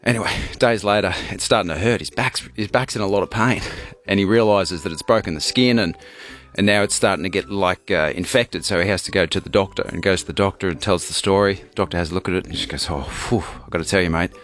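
A man's voice: low voice, fast talker, hardly any pauses, fairly bright tone, faint music behind. A man with an Australian accent hosting breakfast radio, chatting and laughing easily as he tells jokes. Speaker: radio host.

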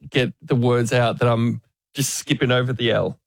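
A man co-hosting a podcast, talking quickly and rushing his words. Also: mid-range voice, steady tone, creaky, dry recording. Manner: quick, rushed speech. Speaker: podcast co-host. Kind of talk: casual podcast chat.

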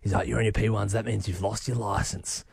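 A man's voice: on the low side, little pitch movement, quick pace, gravelly, a little mellow, slightly rough, no room sound, studio quality. Chatty radio co-host man. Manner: chatty, storytelling, laughs easily. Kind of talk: casual breakfast radio banter.

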